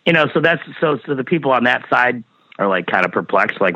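A man's voice: medium pitch, lively intonation, brisk, bright, forceful tone, dry recording. A man in his fifties, a guest musician talking in a casual interview, blunt and swearing freely, often repeating words. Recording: dull lo-fi dry sound.

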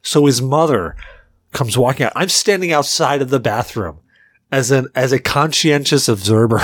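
Animated, laughing man telling a wild story. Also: on the high side, dry recording, clean studio sound. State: drunk. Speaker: podcast co-host. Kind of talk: casual chat, storytelling.

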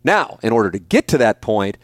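A man's voice: fairly low pitch, very animated, brisk, no room sound. A man in his forties hosting a podcast, answering listener questions in a blunt, emphatic and profane way, often repeating his points. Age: 40s. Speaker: podcast host.

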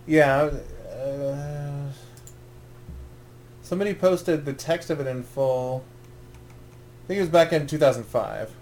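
A man's voice: on the high side, slow pace, pauses often, a little mellow, slight background noise. A man co-hosting a podcast in casual chat, rambling and joking with his friend. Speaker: podcast co-host.

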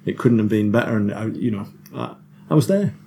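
A man's voice: on the low side, expressive, brisk, warm tone, a little hiss or hum. A man, chatting as a podcast guest about football, self-deprecating, laughing often and restarting his sentences. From North East England. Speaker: guest musician. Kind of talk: casual podcast chat.

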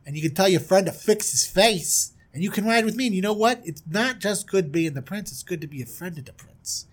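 A man's voice: sits high, lively intonation, a little fast. A man voicing a smarmy young prince who boasts and wheedles with menace. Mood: wheedling.

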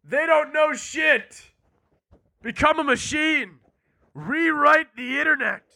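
A man doing a high, drawn-out voice of God. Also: vocal fry, pushed and bright, heavily acted. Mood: commanding. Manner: slow, drawn-out pronouncements. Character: God, a commanding male deity giving reckless orders.

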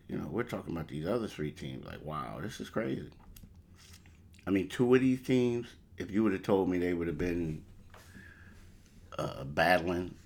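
Deep gravelly man talking sports. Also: darkish tone. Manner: rambling, repeats "you know" and "crazy". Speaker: sports podcast host. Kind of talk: casual sports talk.

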